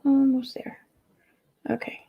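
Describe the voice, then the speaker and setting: The recording is muffled, and she speaks slowly in a Midwestern American accent. This woman hosts an easygoing livestream where she rambles, swears and talks to her chat.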